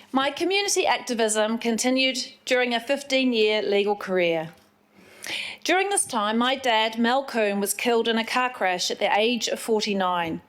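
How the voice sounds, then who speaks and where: Earnest New woman, fairly high voice. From England. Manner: emotional, tearful at moments, earnest. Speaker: city councillor. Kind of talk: inaugural council speech.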